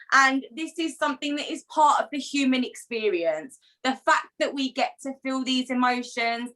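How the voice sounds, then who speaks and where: A woman co-hosting an online community call, with a bright, fairly high voice. She speaks in affirming, emotional reassurances over a video call. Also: low-quality recording. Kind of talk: supportive group talk.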